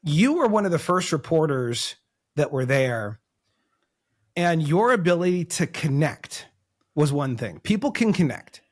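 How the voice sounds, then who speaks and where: A man with a slightly high voice hosts an interview. He talks in an admiring way, with restarts as he hunts for the right words. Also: very animated, unhurried. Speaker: podcast host. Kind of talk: interview questions.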